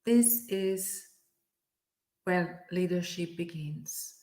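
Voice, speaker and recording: Her voice is lowish and warm, and she speaks very slowly while giving a motivational keynote to a virtual summit by video call. Phrases get repeated and backed up with plenty of "yes," all in a room with noticeable echo.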